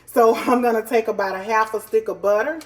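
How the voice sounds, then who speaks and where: A woman's voice: a little high, brisk, low-quality recording. A woman, chatting folksy and direct to viewers as she cooks at home. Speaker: home cook. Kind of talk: casual cooking tutorial. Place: home kitchen. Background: faint sizzling pan.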